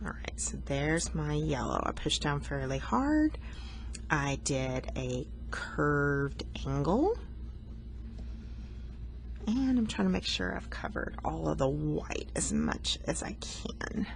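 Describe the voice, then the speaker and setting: Low gravelly-voiced woman art teacher. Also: big pitch swings, takes it slowly. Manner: patient, explanatory, self-teasing. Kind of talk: art lesson narration while coloring.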